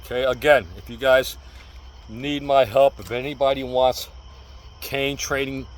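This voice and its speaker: In a casual vlog shot outdoors, a man from New York in his sixties earnestly, repetitively and pleadingly talks about defending himself with a cane. He speaks unhurriedly in a mid-range voice with a level tone, and the audio is poor.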